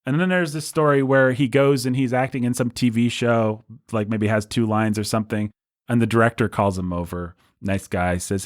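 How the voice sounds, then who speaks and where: A man's voice: medium pitch, steady tone, moderate pace, dry recording, studio quality. A man hosting a podcast, telling film history as a casual, enthusiastic storyteller. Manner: enthusiastic storyteller, breezy and conversational. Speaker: podcast host.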